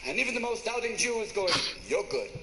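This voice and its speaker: A man performing a stand-up comedy routine in an animated way, slipping into many mock voices. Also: very high voice, fast, loud music behind the voice. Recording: echoey venue with loud background noise.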